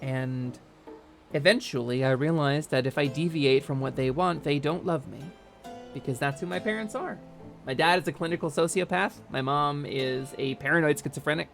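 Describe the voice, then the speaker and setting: Woman, North Jersey accent, gravelly voice, streamer talking frankly, faint game music behind. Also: deep voice, moderate pace. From North New Jersey, United States. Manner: frank, rambling, many fillers and restarts. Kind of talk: candid chat during a game stream.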